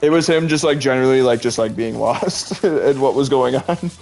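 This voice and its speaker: A man's voice: mid-range voice, normal speed, creaky, a little mellow, faint music behind. A man streaming live, chatting casually and rambling with lots of "like" and frequent laughter while he plays a game. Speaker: Twitch streamer. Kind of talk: casual chat while gaming.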